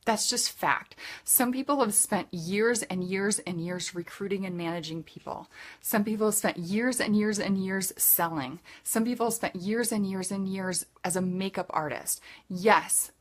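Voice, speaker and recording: A woman in the middle of a motivational live video pep talk, preaching hard to her direct-sales team. Her pitch sits at an ordinary middle level. She hammers points home through earnest, emphatic repetition. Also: a little slow.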